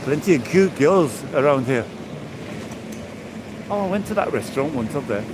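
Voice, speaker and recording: An English man in his sixties live-streams from a seaside promenade as he walks, chatting casually and calling out viewers' names. His fairly high voice is expressive and moderately paced, with background noise present.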